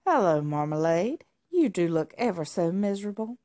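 A male boss cat from a children's storybook who knows everything going on , voiced by a woman reader. He speaks in a calm, matter-of-fact way. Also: lowish voice, moderate pace. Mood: knowing.

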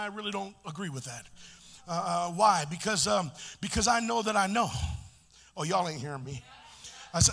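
A man preaching a sermon in call-and-response style, chanting and building to shouts. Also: high voice, vocal fry.

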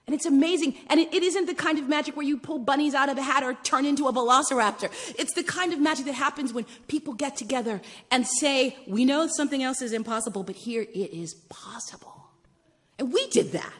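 A woman in her forties preaches through a personal story. Her high voice leaps and dips, and she drops to whispers before bursting out loud. The sound rings with a long church reverb. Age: 40s. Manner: animated, swings from hushed whispers to loud exclaiming. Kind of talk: storytelling sermon. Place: church sanctuary.

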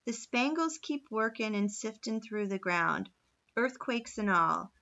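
A man's voice: high voice, unhurried, gravelly, sharp tone, highs cut off, exaggerated voice. A woman voicing a folksy, plain-talking old gold miner with a backwoods drawl.

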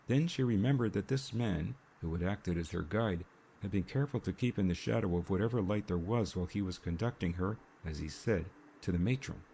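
A man narrating a mystery novel in a measured, steady audiobook reading. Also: low voice, a little hiss or hum. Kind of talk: scripted narration. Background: rain sounds.

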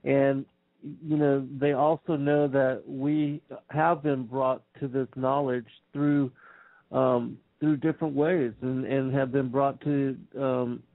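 A man speaking as a guest on a show, in measured conversational speech with some fillers. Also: mid-range voice, dry recording. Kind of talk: conversational interview. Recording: dry phone-line audio.

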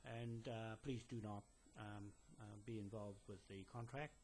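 With a fairly low, darkish voice, fairly even intonation and a measured pace, a land claimant addresses a police detective to camera inside a building. Slight background noise is present. He rambles through fillers and restarts, insistent and lecturing.

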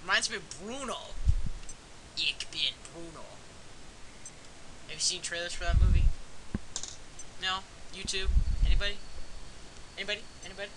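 Let's play cohost, high animated voice, teasing jokester, noisy recording. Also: male voice, fast talker, long pauses. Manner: joking, teasing, playful bits and mock accents. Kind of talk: casual game commentary.

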